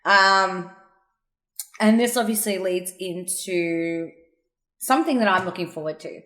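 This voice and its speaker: Lively woman podcaster in a roomy space. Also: on the low side, measured pace. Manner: animated retelling, acts out quotes, laughs often. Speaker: podcast co-host. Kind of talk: casual chat recapping wrestling. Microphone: remote call mic.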